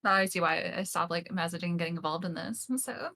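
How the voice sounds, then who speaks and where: A woman's voice: fairly low pitch, fast, vocal fry, sharp tone. A woman joining a stream, talking casually and hesitantly, trailing off mid-thought.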